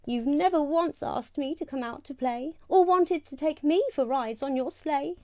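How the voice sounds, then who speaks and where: A woman voicing a shy, sad young female unicorn in a storybook reading, with a small squeaky voice. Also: normal speed, mellow, no echo, close to an everyday voice. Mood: hurt.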